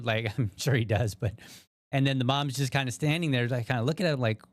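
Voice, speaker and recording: A man with a medium-pitched, brisk voice hosts a podcast, casually commenting on a viral video. He thinks aloud and makes frequent asides to viewers.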